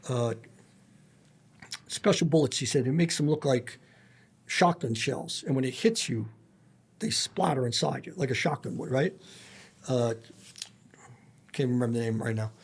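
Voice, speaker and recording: As a guest on a podcast, a man who was once a federal agent shares crude, straightforward stories, quoting lots of dialogue in a laid-back interview setting. He speaks at medium pitch with a breathy edge.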